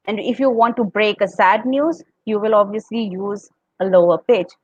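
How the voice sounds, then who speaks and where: A woman's voice: medium pitch, moderate pace, darkish tone, no echo, muffled recording. A woman with an Indian accent on a podcast, explaining public speaking tips and acting out sample tones. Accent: Indian English. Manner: explanatory, demonstrates tones, laughs often.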